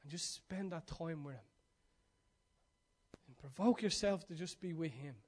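A man delivering a sermon in a high voice. He urges his listeners loudly, then sinks to soft, intimate near-whispers. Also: a little slow, slightly rough. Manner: animated, swings from loud urging to hushed near-whisper. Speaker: preacher.

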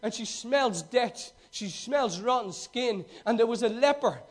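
High-voiced preacher. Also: male voice, lively intonation, measured pace. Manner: fervent, storytelling, swings from loud to hushed. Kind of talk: sermon.

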